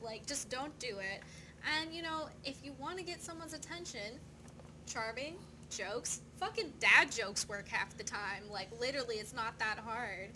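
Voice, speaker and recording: A woman's voice: on the high side, normal speed, noisy background. A woman on a comedy podcast speaking bluntly and emphatically, with swearing. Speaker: podcast co-host. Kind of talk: casual comedy podcast chat.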